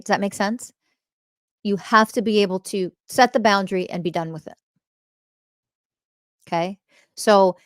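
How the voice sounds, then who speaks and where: A woman's voice: fairly low pitch, smooth, no room sound, studio quality. A woman podcast host teaching spirituality in a blunt monologue, swearing often and firing rhetorical questions, repeating key phrases for emphasis.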